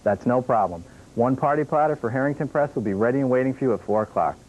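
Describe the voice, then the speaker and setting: A man's voice: mid-range voice, fast, darkish tone, highs cut off, close to an everyday voice. An actor playing a friendly, upbeat male sandwich shop worker taking a phone order in a training video. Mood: polite. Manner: polite, upbeat, helpful. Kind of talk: scripted training video acting.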